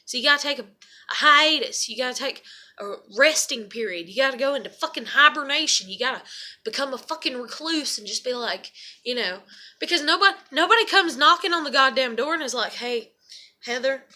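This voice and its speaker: High bright-voiced woman, ranting and swearing. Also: animated, fairly quick. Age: adult parent. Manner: profane, ranting, repetitive. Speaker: vlogger. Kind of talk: emotional venting monologue.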